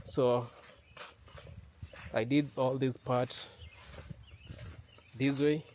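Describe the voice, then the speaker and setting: A man talking casually to his camera in an outdoor yard, halting with many fillers. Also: medium pitch, level tone, darkish tone, a little hiss or hum. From Kenya. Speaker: vlogger. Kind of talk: casual vlog talk to camera.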